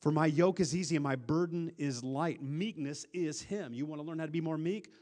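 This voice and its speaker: A pastor preaching a sermon, earnest, with a voice that swells louder and then drops to a hush, often repeating words as he restarts. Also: on the high side, a little fast. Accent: Upper Midwest American.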